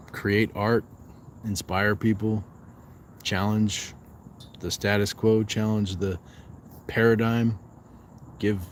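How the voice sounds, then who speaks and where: A man with a fairly low voice hosts a casual fitness livestream, reading his viewers' comments aloud and answering them one by one. He is outdoors at night, and faint crickets and insects buzz behind him. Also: darkish tone, a little hiss or hum. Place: outdoors at night, resting during a walk.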